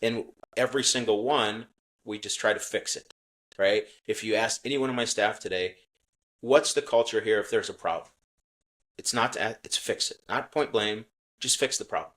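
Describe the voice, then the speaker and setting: A middle-aged man, a company chief, telling a customer-service story in a relaxed interview with earnest restarts. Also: on the low side, moderate pace. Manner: earnest, acts out quoted dialogue, many restarts. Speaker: menswear company CEO, podcast guest. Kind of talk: casual interview talk, storytelling.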